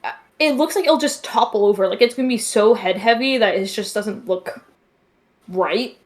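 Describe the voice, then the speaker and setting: Female podcast guest, slightly high-pitched, blunt opinions with casual swearing. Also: normal speed. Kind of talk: casual chat.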